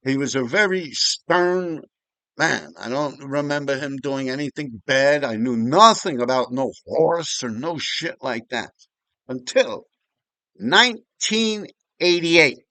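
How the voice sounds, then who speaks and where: A man's voice: mid-range voice, lively intonation, slow, bright, forceful tone, no room sound. A man, telling neighborhood stories in a rambling, profane, casual way. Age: 50s. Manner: rambling and profane, with frequent restarts and asides. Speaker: vlogger storyteller. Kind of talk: casual storytelling.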